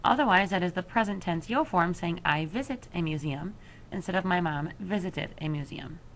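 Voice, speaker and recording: A woman teacher explaining a Spanish grammar lesson to her students, slowing down to spell out each verb form. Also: lowish voice, slight background noise. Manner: slow, careful explanation with deliberate pauses over verb forms. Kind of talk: recorded flipped-classroom lesson.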